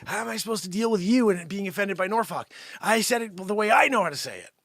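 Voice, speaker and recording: A man hosting an improvised comedy news bit, loudly ranting with sudden shouts and then dropping to low mumbled asides. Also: lively intonation, fast, dry recording, studio quality. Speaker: comedy show host.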